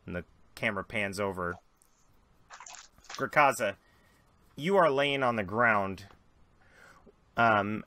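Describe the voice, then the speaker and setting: A man narrating as game master, dramatic and lively, jumping into voices for characters. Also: fairly low pitch, no room sound.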